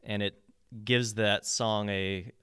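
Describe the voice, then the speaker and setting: A man with a low, clean voice talks through song lyrics in a casual podcast chat. He explains in detail and restarts his sentences often. The sound is close and dry, with no room echo. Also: steady tone, takes it slowly, sharp tone, smooth. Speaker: podcast co-host. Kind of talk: casual album discussion.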